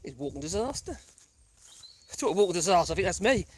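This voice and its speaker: A woman's voice: on the low side, sing-song, quick pace, a little mellow, slight background noise. A woman vlogging casually on a country path, rambling and chatty while out of breath. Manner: rambling, chatty, laughs often. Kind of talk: casual chat while walking.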